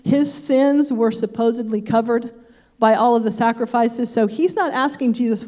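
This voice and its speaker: A woman's voice: fairly high pitch, moderate pace, warm tone. An older woman giving a casual Bible teaching, chatty and full of personal asides.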